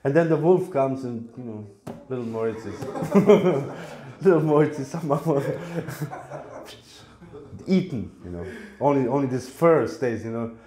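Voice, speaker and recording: Man, playful spiritual teacher, mellow tone, echoey hall. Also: medium pitch, expressive, measured pace. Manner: playful storytelling, acting out little voices. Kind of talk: lecture on scripture. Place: temple hall. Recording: echoey room.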